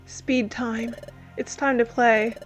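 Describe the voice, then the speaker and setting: Woman game commentator, playful, jokey, deadpan reading, fairly high voice. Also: takes it slowly, soft background music. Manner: playful, joking, reads garbled lines deadpan. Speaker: let's play host. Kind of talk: game commentary, reading translated text aloud.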